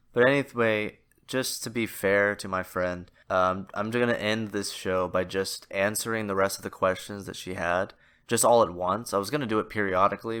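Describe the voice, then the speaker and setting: A man's voice: low voice, a bit bright, clear, resonant tone. A man hosting a solo podcast, rambling and self-deprecating with lots of fillers and restarts, in a somewhat nasal voice. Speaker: podcast host. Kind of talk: casual solo podcast monologue.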